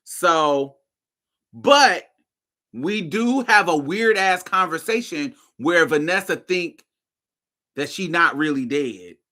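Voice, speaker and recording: A woman hosting a podcast tells a story in a lively, swearing, dramatic way. Her voice swings widely in pitch and has a very bright, sharp tone. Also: slow pace. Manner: animated, profane, dramatic retelling. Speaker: podcast host. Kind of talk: casual storytelling.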